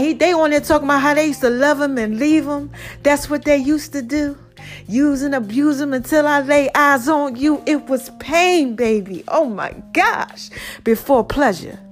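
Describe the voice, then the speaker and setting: High-voiced woman giving loving pep talks.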